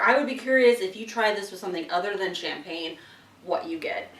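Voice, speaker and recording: A woman's voice: medium pitch, animated, fairly quick, a bit bright. A woman hosting a casual tasting video, chatting while she chews and laughing often. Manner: chatty, talks while chewing, frequent laughs. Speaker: wine and chocolate tasting host. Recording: roomy sound from some distance.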